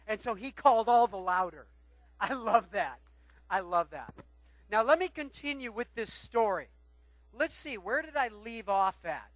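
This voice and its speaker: High-voiced man preaching a sermon. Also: lively intonation, moderate pace, no echo, low-quality recording. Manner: preaching with swings between loud calls and quiet asides. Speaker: pastor.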